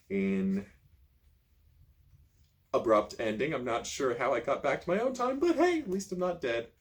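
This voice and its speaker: A channel host with a medium-pitched voice reads a choose-your-own-adventure book aloud. He tells it in an expressive storytelling style and tosses in casual asides.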